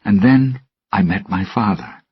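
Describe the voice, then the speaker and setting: A man's voice: lowish voice, measured pace, husky, no echo, muffled recording, pitched above the performer's own voice, heavily acted. A man reading a storybook aloud and voicing a stubborn young swordsman in a raised, determined voice. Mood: earnest.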